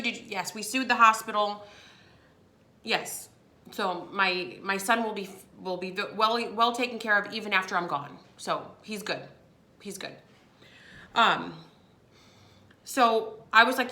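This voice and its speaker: A woman's voice: medium pitch, normal speed. A woman in her thirties telling a personal story to her viewers in a chatty way, acting out what others said. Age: 30s. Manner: chatty, lively, acts out quotes with laughs. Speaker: vlogger. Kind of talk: casual storytelling to camera.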